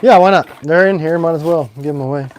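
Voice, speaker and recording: Excitable rambling man. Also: fairly high pitch, quick pace, a little hiss or hum. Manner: rambling, excitable, swings loud and quiet. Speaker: knife maker hosting a livestream. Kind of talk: casual livestream chat.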